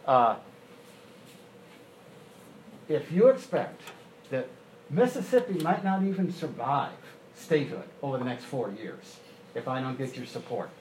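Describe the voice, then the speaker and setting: A man imitating an older Southern president, drawling, folksy and flattering one moment, threatening the next. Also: medium pitch, moderate pace, echoey room, slight background noise, natural voice, poor audio.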